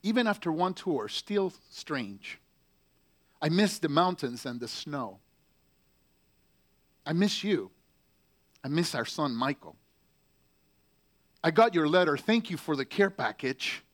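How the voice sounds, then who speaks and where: Man voicing a Marine's letters home, slow weighty reading, fairly high voice. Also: sing-song. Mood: tender. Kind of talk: letter read aloud in character.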